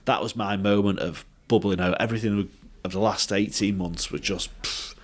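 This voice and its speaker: A man telling a personal story as a podcast guest, halting and full of fillers and restarts. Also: on the low side, steady tone. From England.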